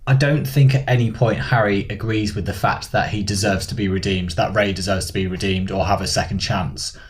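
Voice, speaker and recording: A man's voice: fairly low pitch, steady tone, brisk. A man co-hosting a podcast, talking through a film with enthusiasm in casual chat. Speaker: podcast co-host.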